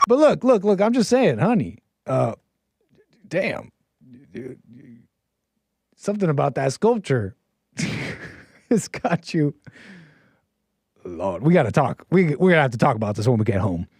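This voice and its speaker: A man's voice: a little high, sing-song, a little slow, pauses often, darkish tone, breathy edge, no echo, studio quality, exaggerated voice. A man putting on the voice of a jealous husband, scolding his wife in a mock-wounded, sing-song way. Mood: teasing.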